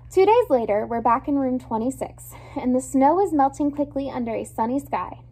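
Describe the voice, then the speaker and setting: Lady reading a kids book out loud, high voice, really animated. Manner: expressive, lively storytelling. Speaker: storybook reader. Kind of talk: reading a children's book aloud.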